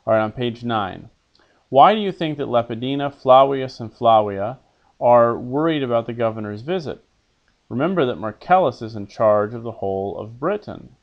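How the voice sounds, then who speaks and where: Through dull audio, a man with a mid-range voice and lively intonation teaches introductory Latin at a moderate speed. He reads phrases for the pupil to say back, then translates and patiently quizzes, often answering himself.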